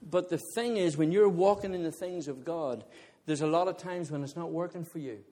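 A man preaching a sermon with a somewhat high voice, spinning a comic personal story for his congregation. He talks in an animated, conversational way, breaking into laughter and turning to his listeners directly. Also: fairly quick. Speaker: visiting preacher.

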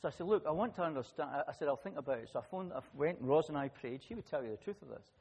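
A man preaching a sermon, telling a personal story with lively swings between loud emphasis and quiet asides. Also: on the high side, rapid-fire. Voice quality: husky. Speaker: pastor. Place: church hall. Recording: long church-hall reverb.

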